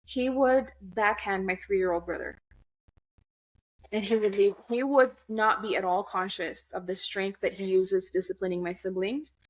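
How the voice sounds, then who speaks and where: A woman's voice: medium pitch, unhurried. A young woman guest on a podcast, telling a personal story in a blunt, candid way, swearing freely and restarting her sentences.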